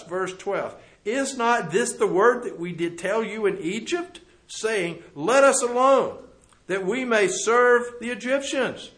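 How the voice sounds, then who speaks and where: High-voiced preacher, loud then hushed. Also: male voice. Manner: swings from loud emphatic reading to low quiet asides; rhetorical questions to the congregation. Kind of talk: sermon reading and explaining scripture.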